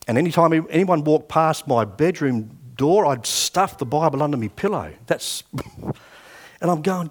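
A man's voice: on the high side, animated, a little slow. Australian man preaching with personal stories. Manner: conversational storytelling, acting out past dialogue. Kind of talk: sermon with personal testimony.

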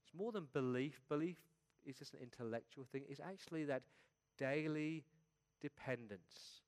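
A middle-aged man, a pastor, preaching a sermon in an earnest way, often dropping his voice softly at the ends of his points. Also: a little high, moderate pace.

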